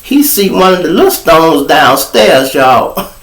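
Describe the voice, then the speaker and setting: A man from Chicago with a Chicago accent, hosting his show and telling a story to viewers in a profane, animated way, loud one moment and hushed the next. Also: on the high side, measured pace. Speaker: show host. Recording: roomy echo.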